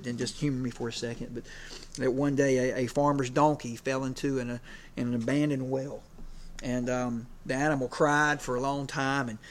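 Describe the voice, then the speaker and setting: A man's voice: mid-range voice, slight background noise. Conversational male preacher, full of fillers. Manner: conversational, many fillers, gets emotional. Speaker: preacher and PE teacher. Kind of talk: sermon.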